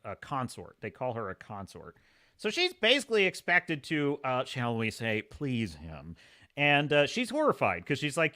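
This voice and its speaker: Guy hosting a live show review, bright voice, animated retelling with little character bits. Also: medium pitch, moderate pace. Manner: animated storytelling, acts out characters' lines. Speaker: host.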